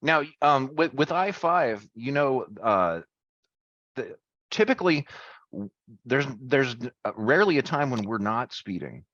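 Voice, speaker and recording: A man interviewing a guest in a casual chat, speaking haltingly with many fillers and friendly affirmations. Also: medium pitch, big pitch swings, a bit bright, no echo. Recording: dry, slightly dull audio.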